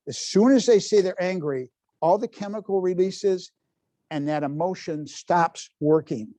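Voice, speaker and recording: A man's voice: a little high, measured pace, mellow, no echo. A man in his seventies leading a live parenting workshop in a library room, quizzing the audience with folksy asides. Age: 70s. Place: public library meeting room.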